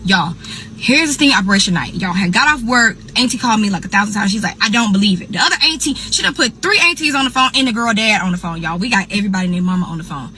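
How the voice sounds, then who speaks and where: A young woman tells a casual storytime, animated, calling her listeners y'all and acting out what others said. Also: medium pitch, fast, a little hiss or hum, poor audio. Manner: animated, addresses listeners as y'all, acts out quoted people. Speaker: host.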